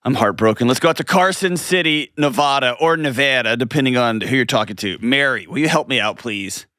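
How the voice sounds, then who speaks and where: A man hosting a call-in advice show, talking with a lively, joking, self-mocking energy. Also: medium pitch, a little fast, no echo, clean studio sound. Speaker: host.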